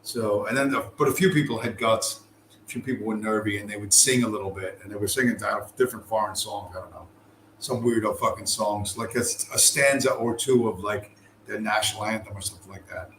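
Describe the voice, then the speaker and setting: Man vlogger, low voice, rambling profane chat, echoey room with faint noise. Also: fairly even intonation, brisk, fairly bright tone. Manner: rambling, profane, many fillers and restarts. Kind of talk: casual travel chat to camera. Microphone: camera mic.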